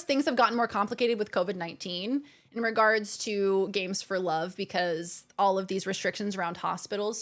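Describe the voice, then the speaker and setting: A woman streamer chatting casually on a live stream, thanking her viewers over and over, with lots of fillers and repeats. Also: mid-range voice.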